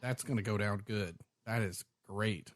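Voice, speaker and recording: A man's voice: lowish voice, unhurried. A man co-hosting a podcast in casual chat, gushing with enthusiasm. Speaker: podcast co-host.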